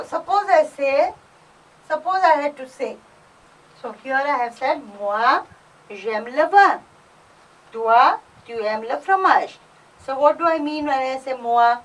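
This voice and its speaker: Slow, high-voiced woman teaching French. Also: distant mic, rough recording. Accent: Goan. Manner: slow, explaining step by step, repeating phrases. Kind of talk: classroom lesson.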